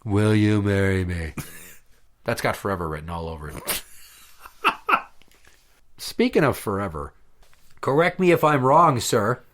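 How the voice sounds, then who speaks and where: A man's voice: mid-range voice, huge pitch swings, slow, pauses often, bright, forceful tone. Male host, casual crude banter, sarcastic and profane. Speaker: podcast host.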